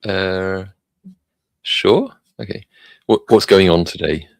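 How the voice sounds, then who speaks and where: Gravelly low-voiced Welsh-born man. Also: takes it slowly, no room sound. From Wales. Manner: hesitant, self-deprecating, frequent restarts. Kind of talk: casual livestream chat.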